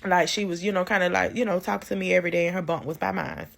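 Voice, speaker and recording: A woman's voice: on the low side, steady tone, very fast, vocal fry. A woman vlogger telling her life story in a casual storytime, speaking candidly and directly to her viewers. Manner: candid, talks straight to viewers; loose and conversational, many fillers.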